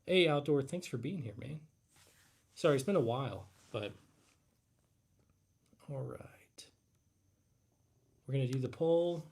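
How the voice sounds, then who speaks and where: A man's voice: mid-range voice, unhurried, creaky, long pauses, husky. Laid-back young man chatting on a livestream. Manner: relaxed, rambling, reads chat aloud with fillers. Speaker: livestream host. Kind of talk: casual live Q&A chat.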